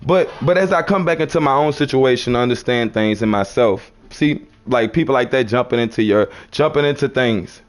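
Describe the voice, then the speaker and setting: A man's voice: mid-range voice, moderate pace, hardly any pauses. A man from New Orleans with a New Orleans accent, talking casually as a live-stream preacher, repeating himself and calling listeners son and brother.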